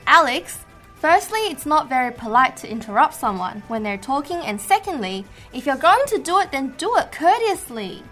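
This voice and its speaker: A woman co-hosting an English learning show, explaining polite phrases in a clear, teacherly way. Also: sits high, sing-song, fairly bright tone, faint music behind. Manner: clear teacherly delivery, models phrases slowly. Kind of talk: scripted language-lesson chat.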